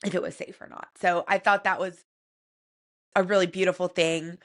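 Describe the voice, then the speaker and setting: Woman with a slightly low voice, reflective. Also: level tone, normal speed. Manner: soft and reflective, with many fillers like "like" and "you know". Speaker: podcast co-host. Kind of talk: personal storytelling in casual chat.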